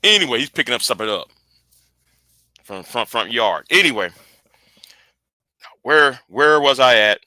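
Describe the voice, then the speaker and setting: A man's voice: mid-range voice, lively intonation, normal speed, pauses often, pushed and bright, dry recording, clean studio sound. A man in his early forties with a casual, rambling way of talking. He chats from home on a livestream, often repeating words as he answers his viewers. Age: early 40s. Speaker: channel host.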